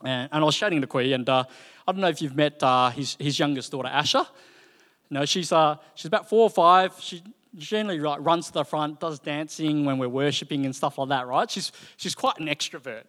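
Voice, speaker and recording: Male preacher, chatty and animated, slightly high voice, long reverb from a church hall. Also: brisk. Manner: conversational, animated storytelling with frequent fillers. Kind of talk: sermon.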